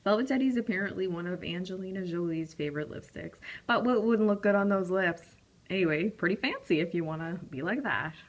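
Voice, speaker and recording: A young woman beauty vlogger casually reviews lipstick swatches, rambling chattily with lots of ums and apologies. Her voice is on the low side and her delivery is brisk.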